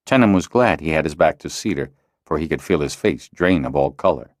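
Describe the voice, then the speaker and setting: Deep, expressive audiobook narrator, man. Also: fairly quick, dry recording, studio quality. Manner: expressive storytelling. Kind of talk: scripted narration.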